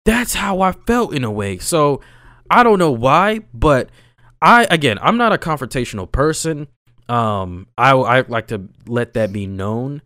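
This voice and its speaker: A young man in casual chat, telling a story with lively, swooping pitch, slangy and animated, jumping between loud bursts and low mutters. The sound is dry and close, with no room around him. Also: unhurried, no echo. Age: young adult.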